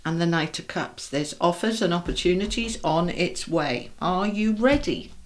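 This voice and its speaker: A woman with a slightly low-pitched voice gives a casual tarot reading, chatting directly to her viewers. She is friendly and reassuring as she turns over each card. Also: expressive, normal speed. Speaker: tarot reader.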